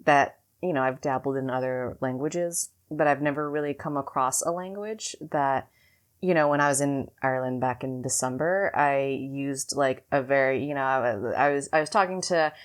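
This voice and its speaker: Low-voiced woman telling a rambling story. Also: normal speed. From California. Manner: rambling storytelling with many fillers. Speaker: podcast co-host. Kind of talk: casual chat.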